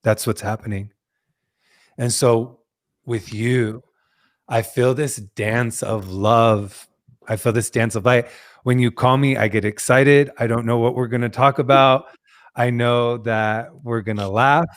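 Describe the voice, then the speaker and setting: Slow, earnest male podcast host. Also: medium pitch, fairly even intonation. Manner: slow, earnest, rambling spiritual musing. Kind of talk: spiritual podcast talk.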